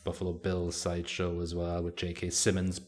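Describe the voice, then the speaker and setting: A man's voice: low voice, monotone, moderate pace. A man co-hosting a podcast, chatting casually and rambling with lots of fillers. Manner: rambling, hesitant, many fillers. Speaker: podcast co-host. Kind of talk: casual chat.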